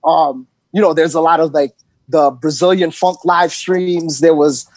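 A man's voice: a little high, fairly even intonation, measured pace, a little mellow, dry recording. A man with a New York accent, a DJ chatting casually on a podcast, rambling with lots of ums. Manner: rambling, many ums and you-knows. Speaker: guest DJ.

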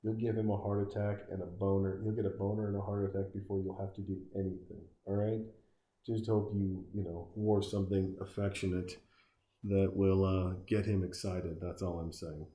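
A man's voice: low-pitched, level tone, moderate pace, dark tone, reverberant. A man giving crude, sarcastic, rambling comedic commentary while reacting to a film.

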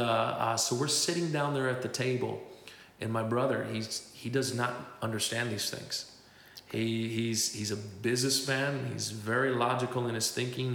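A man preaching in a storytelling way, with a gravelly, creaky voice. He acts out what others said to him. His voice rings through a large hall with a long reverb. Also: mid-range voice, fairly bright tone. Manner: storytelling, acting out the voices he quotes. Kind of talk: testimony sermon. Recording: echoey hall.

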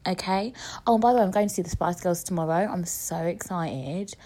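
A woman talks casually on a podcast. She is chatty and cheeky, swears freely and mimics other people's voices. Her pitch swings up and down a lot. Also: big pitch swings, a little fast, darkish tone. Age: 20s. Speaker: podcast host. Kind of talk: casual chat.

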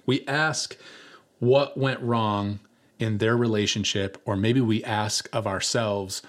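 A young man preaching a sermon, telling a personal story in a relaxed, conversational way with many filler words. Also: lowish voice, takes it slowly. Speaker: pastor.

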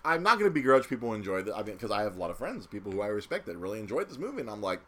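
A man's voice: lowish voice, very animated, rapid-fire. A man in casual chat recapping a movie, swearing freely and acting out quotes in silly voices.

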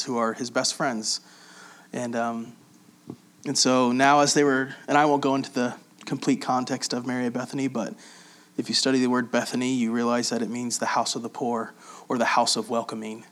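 In an easygoing, chatty way, a medium-pitched male preacher reads from scripture and then unpacks it. His explanation is dotted with fillers and many pauses, like an informal Bible lesson.

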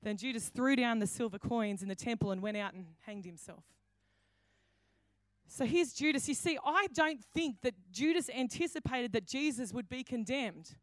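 Speaking at a moderate pace in an expressive, somewhat high voice, a woman pastor delivers a sermon recorded without echo. Her storytelling features acted-out quotes, and she frequently starts over.

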